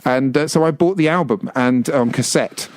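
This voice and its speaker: A man's voice: mid-range voice, moderate pace, no echo. A man co-hosting a radio show, telling rambling, self-mocking anecdotes with lots of restarts. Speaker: radio co-host. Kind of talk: casual on-air chat. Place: radio studio. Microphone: studio microphone.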